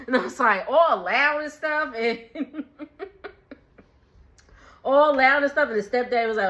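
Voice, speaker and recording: High-voiced woman dishing on a reality show, bright and laughy, kinda muffled lo-fi audio. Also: a little slow. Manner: animated storytelling, laughing, acting out quotes. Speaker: recap vlogger. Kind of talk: casual reality-show recap.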